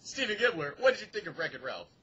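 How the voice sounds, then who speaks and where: A male podcast host recaps a film in casual, rambling chat, often correcting himself mid-sentence. His voice is bright and forward but very raspy, and the recording is muffled. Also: high voice, big pitch swings, fast. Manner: rambling, self-correcting summary.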